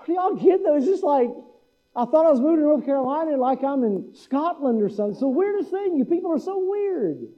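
A man's voice: very high voice, lively intonation, a little fast, muffled recording. A middle-aged man preaching a sermon to his congregation in a folksy way, imitating the local speech of his listeners. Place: church hall.

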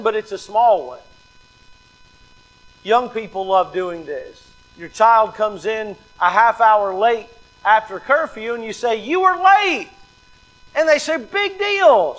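High-voiced man preaching a sermon. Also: fairly bright tone, rough recording. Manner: emphatic, repeats key lines, acts out quoted excuses. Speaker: pastor.

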